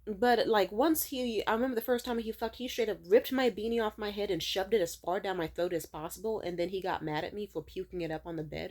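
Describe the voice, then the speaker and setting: A young adult woman venting to camera in a casual vlog, blunt and profane, telling her story with animated emphasis. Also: mid-range voice, a little fast, few pauses. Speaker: vlogger.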